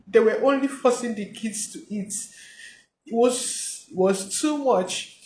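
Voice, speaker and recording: A woman giving a personal testimony in a halting, emotional way. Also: fairly high pitch, reverberant, noisy background.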